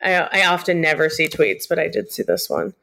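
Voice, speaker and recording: A woman's voice: deep voice, big pitch swings, brisk, gravelly, bright, forceful tone. Rambling woman hosting a casual podcast. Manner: rambling, filler-heavy, jokey. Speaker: podcast host. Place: at home with cats.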